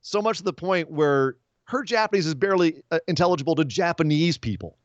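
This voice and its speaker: A man co-hosting a casual wrestling podcast, talking in long, animated, rambling explanations full of asides. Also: fairly high pitch, brisk, no room sound, dull audio. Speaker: podcast co-host.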